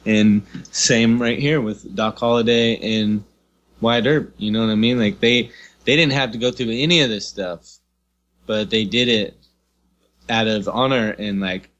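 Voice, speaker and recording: A man's voice: lowish voice, steady tone, unhurried, a bit bright, dull audio. A man co-hosting a podcast in casual chat, rambling and peppering his talk with "you know what I mean" and swearing. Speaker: podcast co-host.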